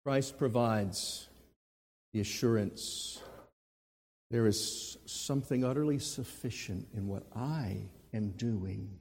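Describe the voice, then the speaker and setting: A man preaching a sermon who swings between forceful, emphatic lines and hushed, quiet ones. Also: medium pitch, slow. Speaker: pastor. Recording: long hall reverb.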